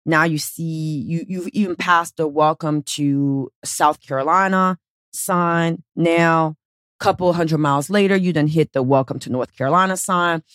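A woman with a fairly low voice delivers a motivational podcast monologue, coaching listeners in a blunt, casual way. She swears freely and tells her points as animated little stories. The sound is close and dry, with no room around it. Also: measured pace, no room sound. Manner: casual, profane, animated storytelling. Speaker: podcast host and weight-loss coach.

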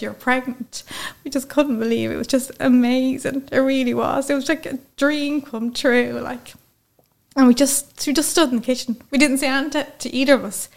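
A woman with an Irish accent, a guest telling a personal story in a lively, chatty way. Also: fairly high pitch, gravelly. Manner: chatty, lively, acts out quoted speech. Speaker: interview guest.

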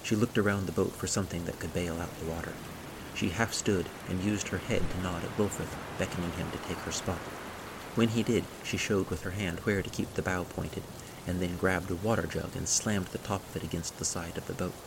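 A male narrator with a very low voice that has a gravelly, creaky edge. He reads the story in a steady, measured way. Loud rain and rolling thunder run under the whole read. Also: background noise. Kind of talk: scripted audiobook narration. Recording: rain and thunder sound effects.

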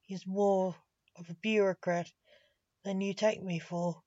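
A woman voicing Blake, a male king of grim reapers, with a slow, measured delivery in a storybook reading. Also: mid-range voice, fairly even intonation, dark tone, no echo. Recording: dull, dry lo-fi audio.

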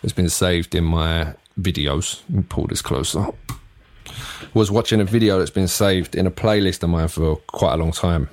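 A man's voice: low-pitched, normal speed. A man hosting a solo podcast, rambling and swearing as he jumps between topics. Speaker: podcast host.

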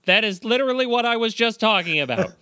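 A man's voice: high-pitched, lively intonation, quick pace, bright, forceful tone, smooth. A man co-hosting a casual podcast, teasing his friends with gleeful laughter. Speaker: podcast co-host.

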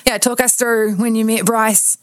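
A woman's voice: a little high, steady tone, normal speed, dry recording, clean studio sound. A woman hosting a casual interview, chatty and supportive with her guest. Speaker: podcast host.

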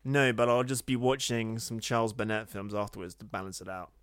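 A man's voice: lowish voice, little pitch movement, fairly quick, clean tone, dry recording. A man co-hosting a film podcast, with a dry, offhand, joking way of talking. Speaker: podcast co-host. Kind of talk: casual film discussion.

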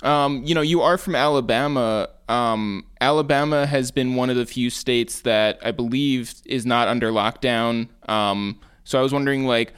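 A man hosting a casual interview, asking his questions in a relaxed, conversational way and often restarting them. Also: mid-range voice, moderate pace, hardly any pauses, smooth. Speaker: podcast host.

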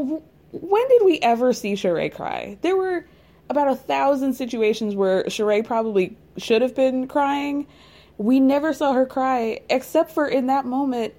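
A woman's voice: high voice, a little mellow. A young adult woman recapping a reality TV show in casual, gossipy commentary, laughing often and dropping sassy asides.

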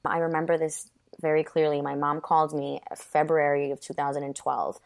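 A woman's voice: low voice, little pitch movement, brisk, vocal fry, background noise. A woman who was born in Ecuador and raised in New York, telling her life story as an interview guest. She speaks earnestly and fills her talk with "you know" and "like.".

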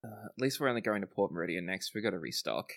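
Lively game master man, halting. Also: low voice, gravelly. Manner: halting, hesitant delivery. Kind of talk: narrating and voicing characters in a tabletop game.

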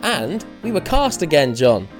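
A male podcast co-host with a somewhat high voice. His talk is playful and gushing, and at times he reads out the show's closing notes. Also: big pitch swings, a little slow, soft background music. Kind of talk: casual chat and show outro.

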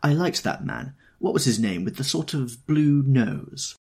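A man voicing a charming, breezy young society woman in a high, airy lilt. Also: expressive, brisk, husky.

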